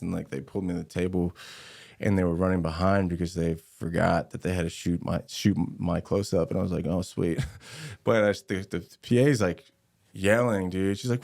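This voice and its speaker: A man, an actor guest, telling stories in a laid-back, slangy, animated way. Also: sits low, a little fast, creaky. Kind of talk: casual interview storytelling.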